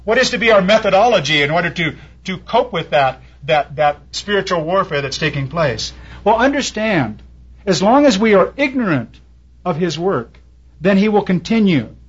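A man's voice: sits high, animated, normal speed, slightly rough. A man preaching a sermon as pastor, telling a story from his congregation with feeling and acting out the people in it. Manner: storytelling preacher, quotes people in raised voices. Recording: dull lo-fi recording.

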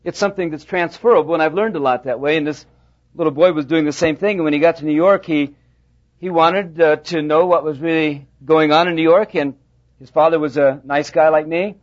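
A pastor preaching a sermon, telling a folksy story with halting restarts. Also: male voice, fairly high pitch. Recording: dull lo-fi sound.

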